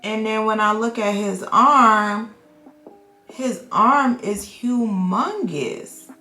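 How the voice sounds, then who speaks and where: A woman nurse vlogger telling a work story in casual chat, slangy and animated, acting out what people said. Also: a little high, slow, echoey room, soft background music. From Florida. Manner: animated, slangy, acts out quotes.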